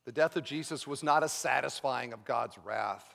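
A man's voice: medium pitch, normal speed, vocal fry, few pauses, a bit bright. A man preaching a sermon as pastor, moving from chatty storytelling to fervent, earnest preaching. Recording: long reverb of a large hall.

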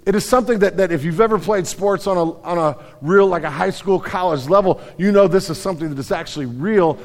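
A man's voice: high-pitched, fast talker, a little mellow. A middle-aged male pastor giving a sermon with folksy storytelling and frequent restarts. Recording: long reverb of a large hall.

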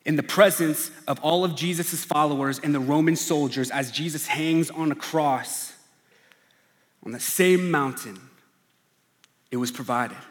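A man preaching a sermon in an earnest style, often dropping to a hushed, low emphasis. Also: measured pace, big-room sound. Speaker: pastor.

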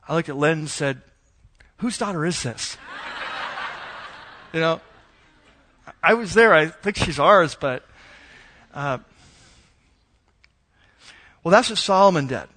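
A middle-aged male pastor whose voice sits a little higher than most men's. He preaches casually and chattily, often pausing on "uh" and "um" and restarting his sentences as he tells a story. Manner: conversational and relaxed, with frequent fillers and restarts. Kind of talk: sermon with personal storytelling.

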